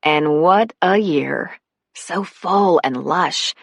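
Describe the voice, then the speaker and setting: A woman narrating an audiobook in a steady, unhurried reading. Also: on the low side, vocal fry, husky, no echo, clean studio sound. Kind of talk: scripted narration.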